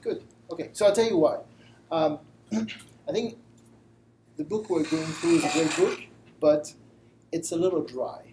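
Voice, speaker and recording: A man's voice: a little high, a little slow, long pauses, noisy background. A man with a French accent giving a live lecture to a study group, self-deprecating and explaining with simple examples. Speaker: guest lecturer. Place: room with a live audience.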